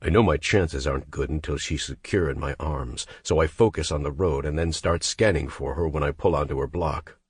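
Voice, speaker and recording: A man's voice: extremely low pitch, fairly quick, few pauses, breathy edge, no echo, clean studio sound. A man narrating a romance audiobook in the first person, with an intense, clipped, brooding delivery.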